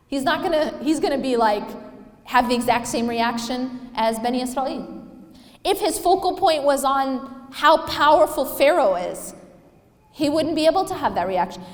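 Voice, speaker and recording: A woman giving a religious lecture to a live audience, emphatic and asking rhetorical questions. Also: on the high side. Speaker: Islamic speaker. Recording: echoey hall with long reverb.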